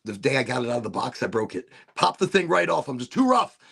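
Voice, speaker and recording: A man's voice: medium pitch, expressive, fast, vocal fry, a bit bright, husky. A middle-aged man casually demonstrating a vaporizer on a livestream, playful and prone to silly asides.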